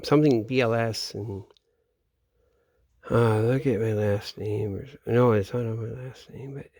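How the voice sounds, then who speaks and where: A man's voice: fairly low pitch, darkish tone, dry recording, studio quality. A man vlogging in a meandering, profane casual monologue, often trailing off and restarting sentences. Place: home in Florida, at night.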